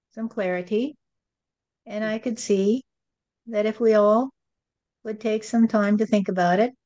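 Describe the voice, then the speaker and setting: A woman channels a spirit in an unhurried, drawn-out voice, dropping rhymes and sermon-like turns. Her pitch sits in an ordinary middle range. The recording sounds muffled and lo-fi. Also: dark tone. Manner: slow, rhyming, preachy delivery with repeated "you see".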